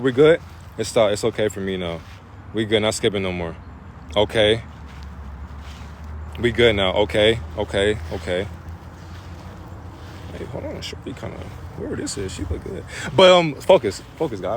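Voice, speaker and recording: A man talking casually on a live spiritual stream, loose and profane with street slang, breaking into animated preaching. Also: mid-range voice, slight background noise.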